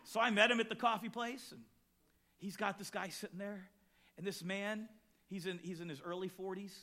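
Male pastor, high bright voice, animated storyteller, shifts from near-shouts to hushed lines. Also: normal speed. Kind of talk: sermon with personal story.

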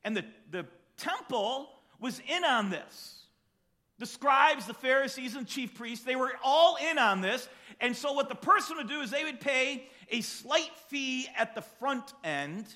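A man preaching a sermon, reading scripture and then explaining it in an animated, conversational way. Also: very high voice, unhurried. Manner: animated, acts out voices in the story. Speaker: pastor.

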